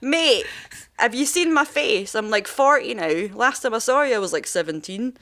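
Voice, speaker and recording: A woman's voice: on the high side, expressive, normal speed, sharp tone. A woman voicing an exasperated grown son, now an aged man, as a sweary comic impression.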